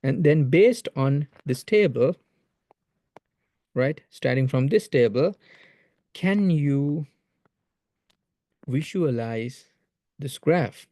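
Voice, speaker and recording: A man's voice: on the high side, lively intonation, drawn-out words, long pauses, warm tone, no echo. A man teaching a math lesson in a recorded video lecture, explaining patiently and repeating phrases to stress his points.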